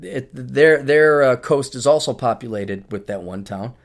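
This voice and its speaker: A man's voice: medium pitch, unhurried, vocal fry. A middle-aged man hosting a podcast, telling travel stories in a loose, rambling way and laughing as he goes. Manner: rambling, animated storytelling with laughter. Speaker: podcast host. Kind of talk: casual monologue.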